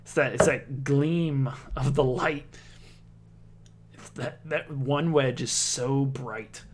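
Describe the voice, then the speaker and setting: A man's voice: medium pitch, slow pace, a little hiss or hum. A man giving casual play-by-play commentary on a darts league, chatty, reading out scores and viewer comments.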